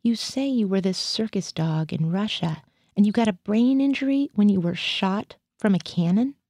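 A woman's voice: mid-range voice, normal speed, darkish tone, no room sound, lightly acted. A woman reading the part of a skeptical male military psychiatrist who questions his patient in a probing, dry way. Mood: questioning.

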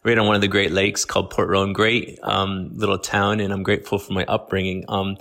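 Middle-aged man, slight Aussie tinge, lowish voice, easygoing podcast teacher who thinks aloud. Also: a little fast, creaky. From Canada. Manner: relaxed, conversational, many fillers and restarts. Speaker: guest speaker.

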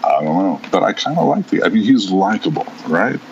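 A man's voice: low-pitched, sing-song, brisk, creaky, dull audio, a crowd in the background. A man co-hosting a podcast in casual chat, giving blunt, sarcastic opinions. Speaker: podcast co-host.

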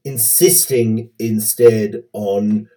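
A man's voice: lowish voice, fairly even intonation, very slow, mellow, far from the mic, soft background music. Moses, a man playing a flustered prophet. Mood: defensive. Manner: hesitant, defensive.

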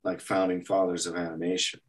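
This animation artist, hailing from El Paso, Texas, rattles off anecdotes fairly quickly in a low-pitched voice, recorded from a distance. During the interview he animatedly performs each quote.

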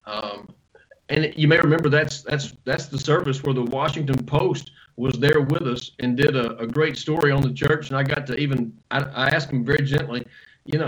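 Pastor telling stories easily. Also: male voice, medium pitch, moderate pace, rough recording. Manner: relaxed storyteller, quotes others, self-deprecating humor. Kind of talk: conversational interview answers.

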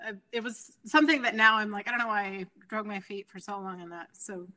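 Woman, 30s, interview guest, middle pitch, chatty and animated, laughs a lot. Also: quick pace. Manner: animated, chatty, laughs often, many fillers. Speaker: guest, nonprofit founder. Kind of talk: casual interview chat.

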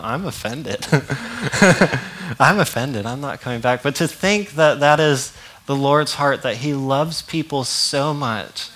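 A man's voice: medium pitch, fairly bright tone. Chatty male pastor preaching. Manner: conversational, laughing, acts out quotes. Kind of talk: sermon.

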